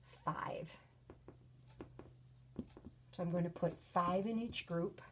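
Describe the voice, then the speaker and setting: A woman teaching a recorded grade-school lesson, patient and clear, sometimes reading example sentences with lively exclamations. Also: on the low side, moderate pace, slight background noise. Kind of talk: recorded video lesson for children.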